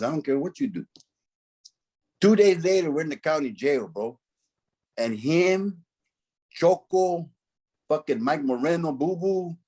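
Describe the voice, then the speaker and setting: A man's voice: mid-range voice, a little mellow, husky. A middle-aged man from Central California, a former gang member, telling stories in a casual, profane, streetwise way and dropping in Spanish slang. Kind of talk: casual storytelling.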